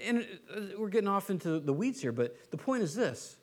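A man's voice: high-pitched, very animated, a little fast, a little mellow. A man preaching a sermon in an informal, explanatory way, like a pastor teaching his congregation. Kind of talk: conversational sermon.

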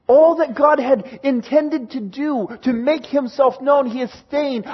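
A man preaching a sermon, reading scripture aloud with dramatic swings between booming declarations and hushed lines. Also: a little slow, few pauses, lo-fi sound.

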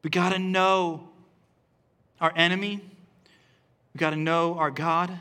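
A man's voice: fairly high pitch, flat delivery, measured pace, bright, forceful tone, smooth. A man, a pastor, preaching a sermon in an earnest, repetitive way that builds emphasis through restarts. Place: church service.

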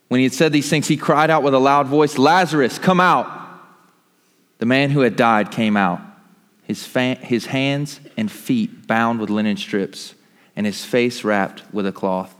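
Man, scripture reader, mid-pitched voice, steady, long hall reverb. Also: moderate pace, smooth. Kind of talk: reading scripture aloud. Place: church hall.

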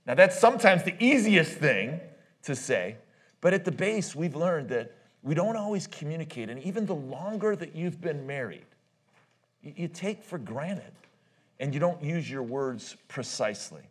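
Man, middle-aged, husky voice, fairly high pitch, conversational sermon, animated storytelling, restarts, church conference speaker. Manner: animated storyteller who laughs at his own stories; loose, halting delivery with many restarts. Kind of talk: conversational sermon with personal stories.

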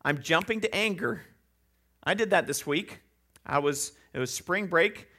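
A man's voice: high-pitched, animated, measured pace, bright, forceful tone. A man preaching a sermon in a conversational way, with joking asides and rhetorical questions. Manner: acts out quoted voices.

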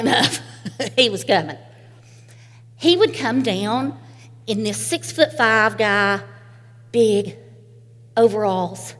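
A woman's voice: fairly high pitch, fairly bright tone, in a large hall. A woman from Eastern Kentucky with a local accent, giving a sermon in a folksy storytelling way and laughing often. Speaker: speaker.

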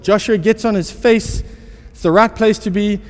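A man preaching a sermon in a fairly high voice, mixing self-mocking stories with rhetorical questions. His words carry a long reverb, as if spoken in a large hall. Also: normal speed, hardly any pauses. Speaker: pastor.

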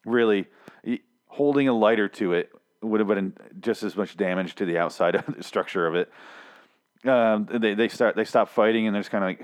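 A man's voice: lowish voice, fairly quick. A man casually recapping a TV episode, rambling and swearing, with sarcastic asides.

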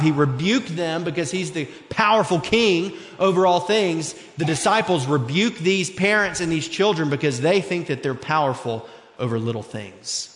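A man in his thirties preaching an earnest, conversational sermon, his voice sitting a bit higher than most men's. He is heard in a church sanctuary with a long, roomy reverb trailing each phrase. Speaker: pastor. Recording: echoey hall.

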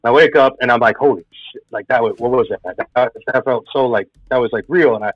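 Faint music sits under a dull, lo-fi recording of a man telling his own spooky story, rambling casually with plenty of filler words. He talks fast in a mid-range voice. There's no echo.

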